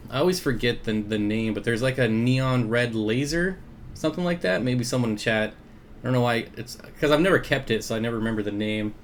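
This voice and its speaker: A man with a medium-pitched voice briskly hosts an aquarium livestream in an easygoing, casual chat, reading viewer comments aloud, greeting people by name and chuckling often. There's a little hiss or hum in the audio.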